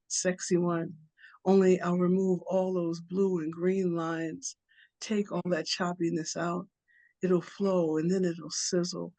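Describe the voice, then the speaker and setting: A woman's voice: on the low side, darkish tone. A woman at an open mic, reading a poem in a rhythmic, conversational storytelling way. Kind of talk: poetry reading.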